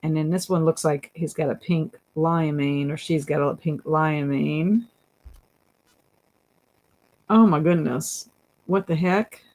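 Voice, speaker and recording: A woman's voice: low voice, slow pace, pauses often, darkish tone. A woman hosting a casual livestream, chatting and reading viewer comments aloud, laughing often. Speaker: livestream host.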